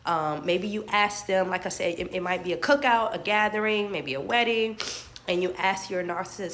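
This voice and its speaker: A woman's voice: mid-range voice, moderate pace, a bit bright. A woman life coach giving an earnest motivational talk, repeating her points and speaking straight to her viewers.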